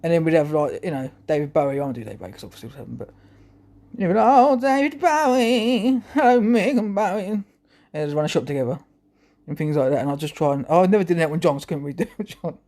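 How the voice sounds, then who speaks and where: A man's voice: fairly high pitch, racing, warm tone. A man talking to camera in a rambling, chuckling monologue full of restarts. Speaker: vlogger.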